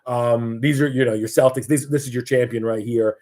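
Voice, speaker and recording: A man hosting a loose, chatty market show. He rambles over charts at a middle pitch, jokes, and corrects himself as he goes. His voice is plain and everyday. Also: fairly even intonation, brisk, darkish tone. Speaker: market analyst host.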